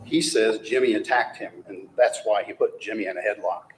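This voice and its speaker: A man giving a courtroom closing argument to a jury, forceful and rhetorical, often mocking the words of the accused. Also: lowish voice, normal speed, roomy sound, slight background noise, poor audio. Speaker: prosecutor.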